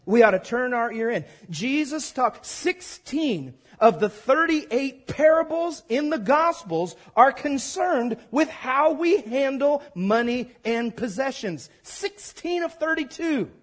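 A man in the pulpit delivers a sermon with a high, lively voice. He preaches with animation, repeats key lines for emphasis, and playfully mimics his listeners. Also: slow, hardly any pauses. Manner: mimics congregation voices with humor. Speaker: pastor. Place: church sanctuary before a congregation.

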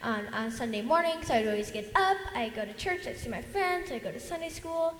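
A woman's voice: a little high, animated, a little fast. A young woman giving a personal faith testimony, a little hesitant with "um" fillers. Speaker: testimony speaker. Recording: echoey hall with long reverb, faint noise.

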